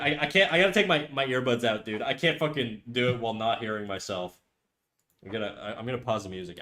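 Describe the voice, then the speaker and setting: A man's voice: on the low side, a bit bright. A man chatting casually on a live stream, rambling, self-deprecating and swearing freely. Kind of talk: casual livestream chat.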